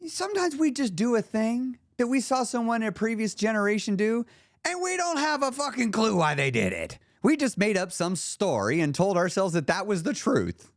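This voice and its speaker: A man's voice: high-pitched, sing-song, normal speed, no room sound, studio quality. A man hosting a podcast as a weight-loss coach, telling stories in a casual, motivational way with occasional swearing. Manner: conversational storyteller, occasional swearing.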